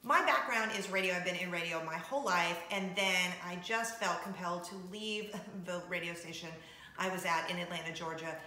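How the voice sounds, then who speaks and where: A woman's voice: on the low side, a little fast, sharp tone. A woman hosting her own video show in a casual, upbeat chat to camera, laughing often, recorded in her home kitchen. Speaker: vlog host, former radio host. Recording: roomy echo.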